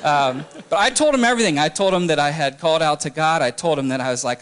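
A young man telling his personal story candidly, halting often with restarts and fillers. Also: a little high, fairly bright tone, smooth. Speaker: testimony speaker. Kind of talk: personal testimony talk.

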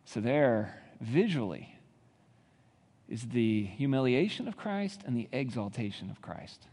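A male pastor delivers a sermon in a mid-pitched voice and builds up to emphatic rhetorical questions. His voice carries a long reverb, as if he is speaking in a large hall. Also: lively intonation, measured pace, a little mellow.

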